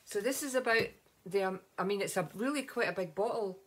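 A Scottish woman talks through her routine in a relaxed home vlog. She rambles cheerfully, full of ums and little asides. Her voice is picked up by a camera set nearby in her home. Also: mid-range voice, brisk, breathy edge. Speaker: vlogger. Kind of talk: casual beauty vlog.

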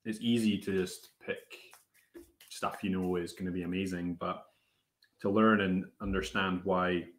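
A man's voice: sits low, steady tone, a little slow, slight background noise. Laid-back man hosting a tasting. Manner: laid-back, chatty, hesitant with many fillers. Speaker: whisky tasting host. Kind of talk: casual live-stream chat.

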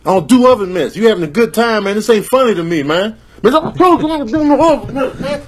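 A man's voice: sits high, expressive, fast talker, slightly rough. A man voicing an angry streetwise male cat in a comedic pet video, drawling and calling everyone "man". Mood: fed-up, threatening.

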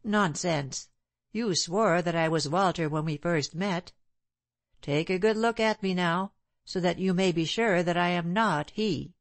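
A woman reading the part of a proud, bitter gentleman who speaks in a sneering, clipped way. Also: fairly low pitch, a little slow, no echo. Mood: scornful. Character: proud bitter middle-aged gentleman, scornful.

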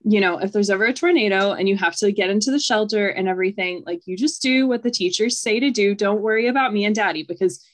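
A woman from Texas, casually sharing a childhood memory in a relaxed, reflective way. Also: mid-range voice, fast talker, hardly any pauses. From Lubbock, Texas. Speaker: podcast co-host. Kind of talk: casual chat.

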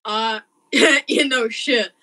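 A woman gaming and chatting casually, swearing often and laughing a lot, quick to get excited. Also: a little high, husky, no room sound, poor audio. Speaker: gamer.

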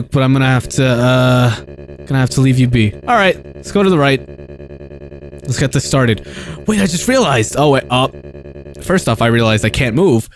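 A young man giving live commentary on a game, excitable and yelping often. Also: mid-range voice. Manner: excitable, yelps and laughs often. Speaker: streamer.

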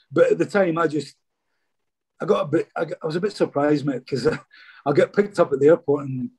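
A man's voice: on the high side, mellow, husky. A Scottish man, a former footballer, telling stories casually in an interview and often saying "mate". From Scotland. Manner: chatty, says "mate" a lot.

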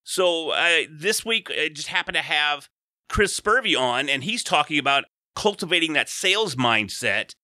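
A man's voice: fairly high pitch, expressive, moderate pace, sharp tone, no room sound, clean studio sound. A man hosting a podcast interview, chatty and rambling, with frequent restarts. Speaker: podcast host. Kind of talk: casual interview chat.

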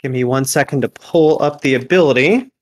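A man acting as game master, narrating a tabletop game in a casual, relaxed way. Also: mid-range voice, fairly quick.

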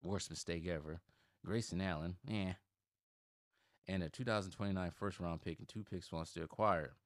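A man's voice: deep voice, normal speed, dry recording, studio quality. A man in his thirties from Milwaukee hosting a sports channel, giving opinionated commentary that turns heated and emphatic when he rants. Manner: heated, gets loud and emphatic when ranting.

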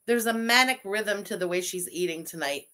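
Woman, stream host, profane mocking rant, reads super chats, sharp voice. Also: mid-range voice, lively intonation, moderate pace. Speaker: stream host reacting to a video. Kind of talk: live-stream reaction commentary.

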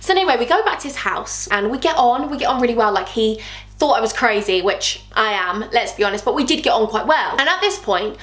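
A woman's voice: fairly high pitch, animated, a little fast, a bit bright, roomy sound, soft background music. A young woman telling a candid, chatty storytime vlog. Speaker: vlogger.

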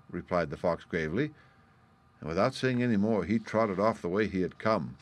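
A man narrating a fairy tale in a measured, clear way. His voice sits on the low side, and the sound is dry and close. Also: no room sound.

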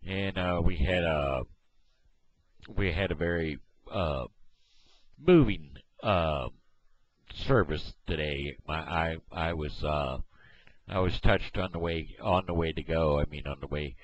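A man from Missouri talking casually to camera on his video blog, halting often with fillers and restarts, recorded on a headset microphone at home. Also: extremely low pitch. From Missouri, USA. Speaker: video blogger. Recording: dull lo-fi headset mic.

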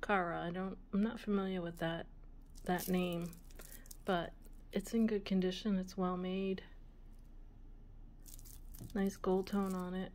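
Woman, slow unhurried talk, soft and musing, drifts into whispers, faint background hiss. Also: fairly low pitch, flat delivery. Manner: slow, soft-spoken, musing aloud, often drops to a whisper. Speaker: vintage jewelry channel host. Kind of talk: casual show-and-tell of jewelry.

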